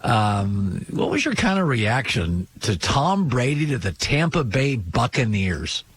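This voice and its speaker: A man's voice: medium pitch, big pitch swings, unhurried. Male sports talk host over faint hiss. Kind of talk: interview conversation.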